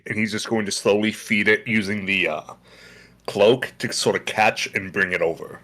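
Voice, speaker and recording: A man's voice: on the low side, steady tone, normal speed, sharp tone. A man playing a tabletop game, talking in a put-on Southern drawl with stammered restarts. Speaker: player. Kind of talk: casual chat, playing a character.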